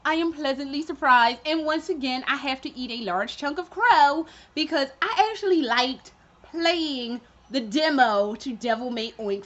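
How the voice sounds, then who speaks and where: Sarcastic, bright-voiced woman gaming vlogger. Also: high-pitched, highs cut off. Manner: candid, sarcastic, swearing, with laughs; acts out her own reactions in quoted asides. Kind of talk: casual chat.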